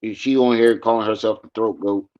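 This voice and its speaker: A man's voice: on the low side, fairly even intonation, brisk, a little mellow. A man on a livestream panel, chatting in loose, slangy banter. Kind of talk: casual online chat. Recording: dull lo-fi call audio.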